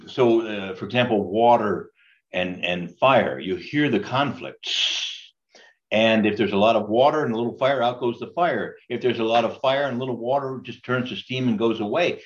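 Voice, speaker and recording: An older priest leads a Bible study in a chatty, conversational way and keeps asking his group questions. His voice sits a bit low, and the recording is dull and lo-fi.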